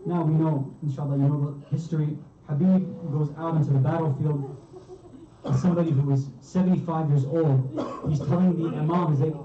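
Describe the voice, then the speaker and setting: A man's voice: fairly high pitch, steady tone, a little fast, dark tone. A man giving a sermon, narrating a story in a vivid, emotional way in a community religious hall. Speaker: speaker. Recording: roomy, distant, dull hall recording.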